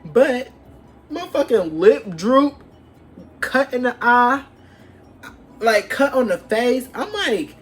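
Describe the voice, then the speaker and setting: Lively young woman telling a profane story. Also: fairly high pitch, slow pace, long pauses, faint music behind. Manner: animated, profane storytelling with acted-out quotes. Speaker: vlogger. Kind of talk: storytime vlog.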